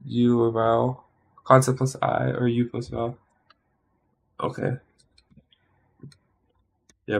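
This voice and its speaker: A man's voice: mid-range voice, gravelly. Tired man muttering through study notes. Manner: muttering, halting, sounds words out. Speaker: language learner streaming study. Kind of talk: thinking aloud while studying.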